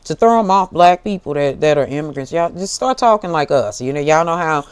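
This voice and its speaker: A woman's voice: deep voice, expressive, fairly quick, smooth. An American woman hosting a tarot show, giving a fiery, profane, preachy monologue to camera and calling her listeners baby. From United States. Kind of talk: impassioned direct-to-camera monologue.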